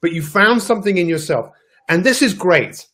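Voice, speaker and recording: A man's voice: sits high, expressive, moderate pace, fairly bright tone. A man giving a live motivational talk as a life coach, addressing viewers directly with emphatic energy.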